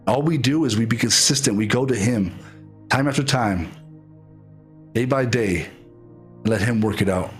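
A man preaching an online sermon, halting and repeating his words, earnest and heartfelt, calling viewers to prayer. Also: mid-range voice, soft background music. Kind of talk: online sermon with altar call.

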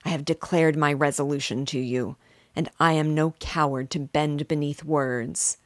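A woman's voice: low-pitched, fairly even intonation, moderate pace, dry recording, clean studio sound, lightly acted. Woman reading as a proud, defiant young scientist. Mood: scornful.

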